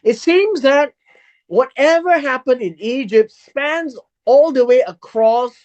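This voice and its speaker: A Bible study teacher who reads verses aloud and explains them word by word in an unhurried teaching style. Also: high-pitched, darkish tone, highs cut off.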